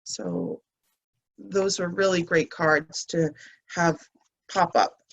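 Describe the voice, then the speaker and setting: A woman coach giving a heartfelt spiritual talk, reading aloud from angel cards with soft, emotional pauses and restarts. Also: fairly low pitch, steady tone, creaky, dull audio. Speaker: mind health coach.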